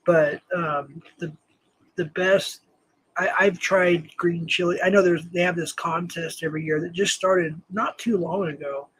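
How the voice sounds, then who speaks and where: A man's voice: high voice, steady tone, a little slow, fairly bright tone, husky, low-quality recording. A man from New Mexico hosting a casual live-stream chat, rambling with many fillers and self-corrections and chuckling often. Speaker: host.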